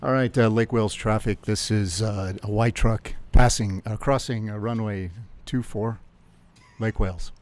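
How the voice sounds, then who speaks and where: A man's voice: on the low side, steady tone, normal speed, darkish tone. A man on a livestream, laid-back, reeling off a casual pilot radio call.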